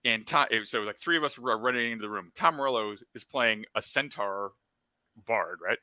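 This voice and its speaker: A man with a strikingly bright, forceful voice rambles through gaming anecdotes, stacking up fillers and excited asides. The sound is close and very dry, with no room around it. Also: lowish voice, normal speed, no echo. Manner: excitable and animated when retelling. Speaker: special guest on a gaming talk show. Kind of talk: casual storytelling chat.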